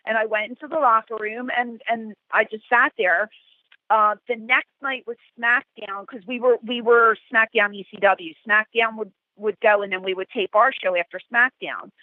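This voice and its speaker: A woman's voice: fairly high pitch, no room sound. Woman telling a story over a tinny line. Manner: animated anecdotes, acting out quotes. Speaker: guest. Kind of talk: storytelling interview. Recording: tinny phone-like call, dry.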